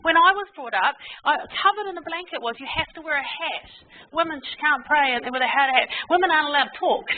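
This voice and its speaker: Lively New woman, tinny sound. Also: sits high. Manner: lively and candid, acts out quotes and laughs easily. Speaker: conference speaker. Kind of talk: informal faith talk to an audience.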